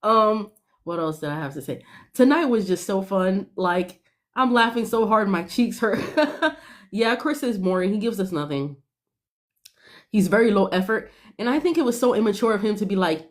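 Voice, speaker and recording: A young woman giving animated, sassy commentary on a reality show, laughing often. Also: on the high side, moderate pace. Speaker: podcast panelist.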